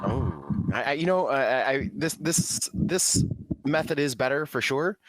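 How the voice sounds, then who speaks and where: Animated, joking man on a podcast. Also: medium pitch, measured pace, very noisy. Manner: stammering, jokey, laughs often. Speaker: podcast co-host. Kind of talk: casual chat.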